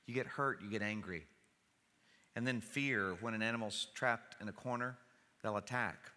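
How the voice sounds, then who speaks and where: A man delivers a sermon in a church, with a bright, forceful voice. He talks conversationally and slips in dry jokes, and the sound carries a long hall reverb. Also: medium pitch, moderate pace. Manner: conversational preaching with wry humor. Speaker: pastor. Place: church sanctuary.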